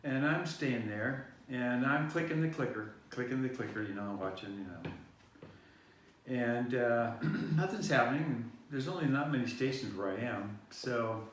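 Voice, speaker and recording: A man's voice: medium pitch, unhurried. Rambling man telling a story in an echoey room. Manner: meandering, many fillers and restarts. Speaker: vlog host. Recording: echoey room, far-off mic, faint noise.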